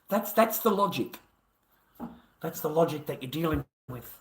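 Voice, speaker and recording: A man's voice: fairly high pitch, lively intonation, normal speed, pauses often, roomy sound. An Australian man livestreaming an angry, profane, combative rant at his viewers.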